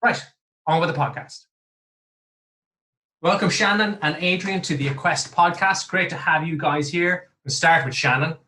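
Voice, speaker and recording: A man's voice: on the high side, normal speed, bright, forceful tone, slight background noise. Jovial Irish man hosting a podcast. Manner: jovial, chatty, self-deprecating. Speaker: podcast host. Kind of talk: casual podcast chat.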